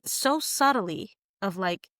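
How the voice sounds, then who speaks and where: A young woman co-hosting a podcast in casual chat, animated and jokey, acting out quotes. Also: mid-range voice, slow pace, no room sound, clean studio sound. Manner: animated, jokey, calls co-host "friend", acts out quotes. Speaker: podcast co-host.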